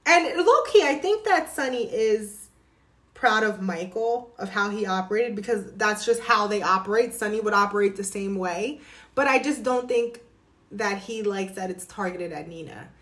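A woman chatting casually as she recaps a soap opera, gossipy and animated, full of asides. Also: mid-range voice, moderate pace.

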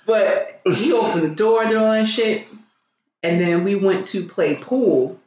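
A woman's voice: mid-range voice, unhurried, a little mellow, highs cut off. A woman telling a story in casual chat, blunt and profane, acting out the people she quotes. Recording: roomy with faint noise.

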